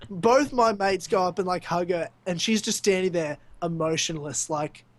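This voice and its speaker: A young Australian man telling a lively story on a casual podcast, laughing often. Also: sits high, moderate pace. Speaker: podcast co-host.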